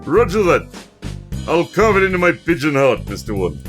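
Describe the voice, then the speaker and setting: A man voicing a flirtatious male pigeon secret agent in a put-on Russian accent, smooth and theatrical. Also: fairly high pitch, very animated, moderate pace, music in the background, pitched above the performer's own voice. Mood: suave. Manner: smooth, theatrical, playboy charm. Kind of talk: video game voice acting.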